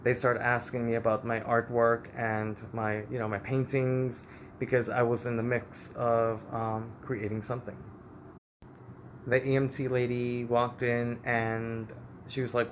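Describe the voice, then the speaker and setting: A man's voice: mid-range voice, level tone, a little slow, a little hiss or hum. A man candidly recounting a painful family story in an emotional, personal vlog. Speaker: vlogger.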